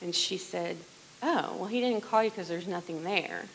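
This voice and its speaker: A middle-aged woman sharing a personal testimony in church, earnest and conversational, often dropping to a hushed voice. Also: lowish voice, moderate pace, gravelly, a little hiss or hum, poor audio. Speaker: worship leader sharing testimony.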